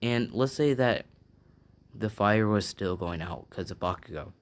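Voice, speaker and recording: A man's voice: on the low side, animated, unhurried. A man improvising a fan-made story, rambling casually with many fillers and restarts. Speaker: channel host telling a fan story.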